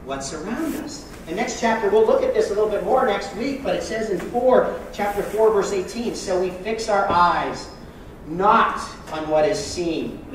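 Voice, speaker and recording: Lively preacher man in an echoey hall. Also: sits high, normal speed, distant mic, slight background noise. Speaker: pastor. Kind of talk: sermon.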